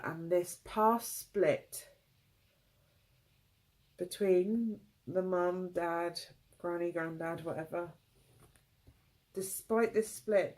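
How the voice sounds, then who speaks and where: A tearful tarot reader reads cards for her viewers in a mellow, warm, fairly low voice. Her gentle, emotional phrases come haltingly, breaking off and restarting as she feels her way through the reading. The audio quality is poor.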